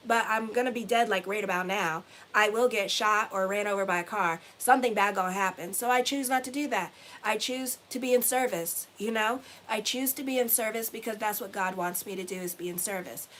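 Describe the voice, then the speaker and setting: There's slight background noise as a middle-aged woman of Haitian heritage, an astrologer and tarot reader, speaks in a fairly high voice. Her casual motivational talk to viewers is blunt and full of swearing, with phrases repeated for emphasis.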